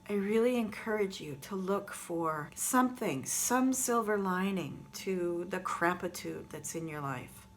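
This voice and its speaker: A woman's voice: medium pitch, a little hiss or hum. A woman talking earnestly and reflectively straight to her viewers in a gratitude vlog, recorded on her phone camera. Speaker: vlogger.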